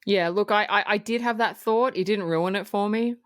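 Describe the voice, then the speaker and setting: A woman co-hosting a film podcast, recapping scenes in a blunt, profane, animated way and acting out quoted lines. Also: medium pitch, moderate pace, dry recording, studio quality. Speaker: podcast co-host. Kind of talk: casual film review chat.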